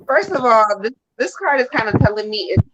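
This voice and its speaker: A woman reading tarot cards on a live stream, hesitant with many pauses. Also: on the high side, big pitch swings, a bit bright, slight background noise. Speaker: psychic reader. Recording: dull lo-fi stream audio.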